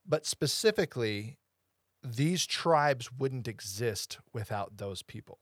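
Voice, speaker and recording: A man's voice: medium pitch, animated, takes it slowly, no room sound, studio quality. A man co-hosting a casual Bible study chat. He explains at length, wanders off topic and often asks whether the listener follows. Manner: explanatory, digressive, often asks "you know what I'm saying". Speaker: podcast co-host teaching the Bible.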